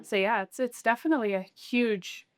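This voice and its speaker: A woman hosting a podcast, calmly explaining an idea for listeners in a supportive way. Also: a little high, moderate pace, clean tone, no room sound. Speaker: podcast host. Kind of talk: conversational podcast talk.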